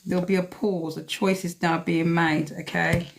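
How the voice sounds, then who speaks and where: A woman's voice: lowish voice, flat delivery, moderate pace, vocal fry, slight background noise. A woman giving a blunt, emphatic live tarot reading, swearing freely as she talks to viewers. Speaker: tarot reader.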